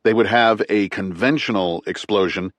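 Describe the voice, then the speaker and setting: A man narrating a thriller audiobook in a tight, clipped, measured way. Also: on the low side, a bit bright, no echo.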